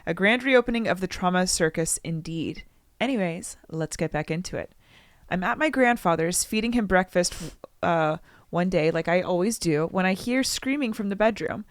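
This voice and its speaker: A woman's voice: on the low side, animated, moderate pace, no room sound. A young adult woman co-hosting a podcast, reading a listener's story aloud in casual chat and breaking off to joke and comment. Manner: chatty, breaks off to joke and comment, acts out quotes loudly.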